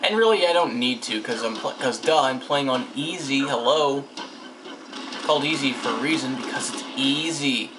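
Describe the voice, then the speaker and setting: A man's voice: mid-range voice, normal speed. A young man giving casual, goofy gameplay commentary, joking sarcastically and talking back to the characters on screen. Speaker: let's play gamer. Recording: home mic with noticeable hiss.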